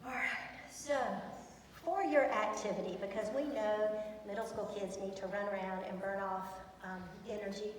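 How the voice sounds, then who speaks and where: A woman's voice: medium pitch, normal speed, a little hiss or hum. A woman teacher presenting to students, chatty and enthusiastic, with many ums. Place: large echoey school hall. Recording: echoey hall from far off.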